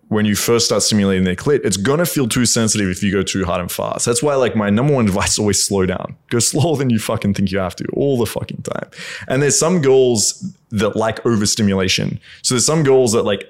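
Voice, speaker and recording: A man's voice: fairly low pitch, brisk. A man co-hosting a casual podcast, giving frank advice in a blunt, instructive way and swearing often.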